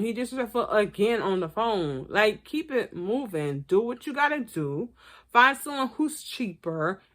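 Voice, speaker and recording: A woman giving blunt, profane, animated commentary as she reviews a reality TV episode. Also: medium pitch. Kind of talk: casual commentary vlog.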